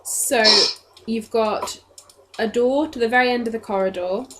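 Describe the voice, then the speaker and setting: A woman running a tabletop game as dungeon master, setting scenes in an unhurried, descriptive way. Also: fairly high pitch, slight background noise.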